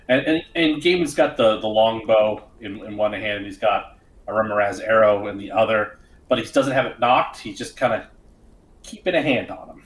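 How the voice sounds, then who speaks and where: A man's voice: on the low side, normal speed, echoey room, poor audio. A man playing a tabletop game, describing his character in a rambling, hesitant way. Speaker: player. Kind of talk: casual tabletop game play.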